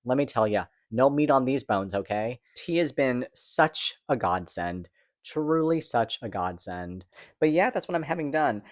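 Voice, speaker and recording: A young man talking fast and candidly in a casual personal vlog, swearing now and then, recorded at home. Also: medium pitch, animated, dry recording. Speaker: vlogger.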